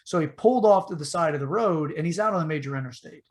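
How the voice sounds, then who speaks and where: A man with a slightly higher voice spins a long tale in a loose, rambling way, full of fillers and restarts. He slips into the voices of the people in his story as he goes, keeping the feel of a casual podcast chat. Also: fast talker. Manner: animated retelling, acts out the voices in his story. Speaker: podcast host telling a story.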